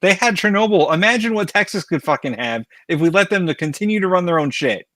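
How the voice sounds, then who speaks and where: A man's voice: high-pitched, animated, quick pace, sharp tone, dry recording, studio quality. Profane ranting podcast man. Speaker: podcast co-host. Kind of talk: casual podcast chat.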